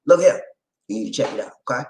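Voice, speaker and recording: Animated man vlogging, echoey room. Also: medium pitch, quick pace, slight background noise. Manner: animated, joking, talks straight to viewers. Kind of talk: casual vlog commentary.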